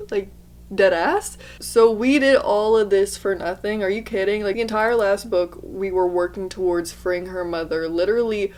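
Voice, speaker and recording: A woman's voice: medium pitch, a little mellow. A young woman chatting casually through a book review, exclamatory and full of 'like' as she talks.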